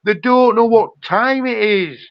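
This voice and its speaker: A man's voice: extremely high pitch, a little slow, clean tone, no room sound, dull audio. A man on a live chat show, ranting profanely in a heated, fired-up casual talk.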